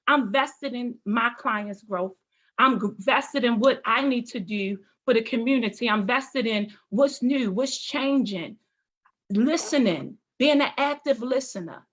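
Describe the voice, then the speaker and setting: A woman in her forties speaks as a parole and probation agent, telling her story with emphatic, passionate delivery and pointed rhetorical questions. Her voice sits fairly high with a bright, forceful edge. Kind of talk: personal testimony at a meeting.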